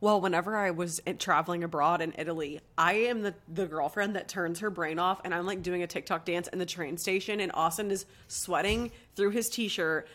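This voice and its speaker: A woman's voice: fairly low pitch, brisk, hardly any pauses, fairly bright tone. A woman guest on a podcast, telling rambling stories and giggling as she chats casually with a friend. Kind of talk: casual chat between friends.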